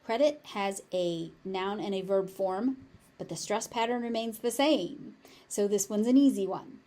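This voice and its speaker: A woman's voice: mid-range voice, a little slow, mellow. A woman with a General American accent teaching pronunciation, saying each word several times and explaining the sounds. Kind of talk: pronunciation lesson with repeated words.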